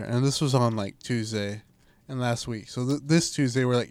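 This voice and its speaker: Young man, casual chat, animated storyteller, loud quoted voices, medium pitch. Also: moderate pace, clear, resonant tone, no room sound. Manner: animated storyteller, swears, acts out quotes loudly.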